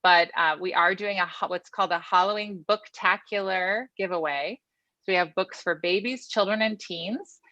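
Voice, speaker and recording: A woman from the library staff gives a chatty, upbeat report. Her lowish voice comes through a dry, somewhat dull video-call line. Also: moderate pace, pushed and bright, dry recording. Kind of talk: meeting report.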